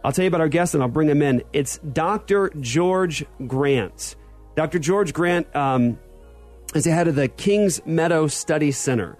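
A man's voice: fairly high pitch, moderate pace, faint music behind. A man in his thirties hosting a casual podcast, telling stories with lots of fillers and energy. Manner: animated storyteller, many fillers. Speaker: podcast host. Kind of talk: casual chat.

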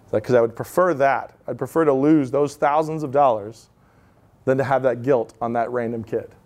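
A man's voice: mid-range voice, fairly even intonation, moderate pace, darkish tone. A man in his thirties giving an informal talk to an audience, telling stories in a conversational way with many asides. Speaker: speaker at a live event.

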